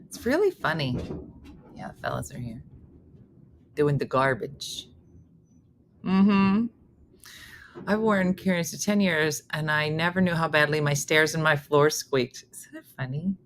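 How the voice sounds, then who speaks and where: A woman's voice: low-pitched, unhurried, pauses often, slight background noise. A middle-aged woman hosting a casual morning chat show, telling family stories and acting out the voices in them. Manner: animated, acts out voices in her stories. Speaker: morning show host reading viewer comments.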